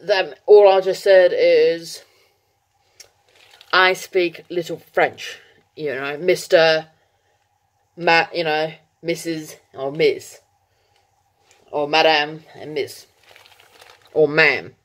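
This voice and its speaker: A woman talks casually to her viewers in a slightly low voice. She rambles with fillers and corrects herself. She laughs at her own slips. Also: steady tone, drawn-out words, long pauses. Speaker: vlogger. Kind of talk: casual chat to camera.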